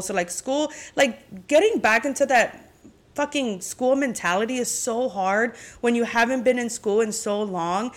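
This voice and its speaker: A woman's voice: on the high side, a little slow. Candid, swearing woman podcaster. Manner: candid, profane, venting. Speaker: podcast host. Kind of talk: casual chat.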